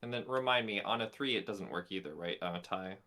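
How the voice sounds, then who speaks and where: A man's voice: low-pitched, lively intonation, quick pace, bright, forceful tone. A man playing a tabletop role-playing game, thinking aloud and hesitating over his moves. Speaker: player.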